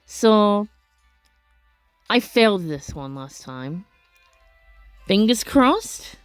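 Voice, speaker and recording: A woman doing casual let's play commentary, reading game text aloud with expressive, gasping reactions and chatty asides. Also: mid-range voice, takes it slowly, no room sound, faint music behind.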